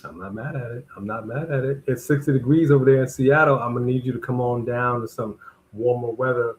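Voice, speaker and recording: A man's voice: medium pitch, fairly even intonation, fairly quick, rough recording. A man co-hosting a live wrestling watch-along, chatting casually and animatedly as he reads out viewers' greetings and weather. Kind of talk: casual live-stream chat.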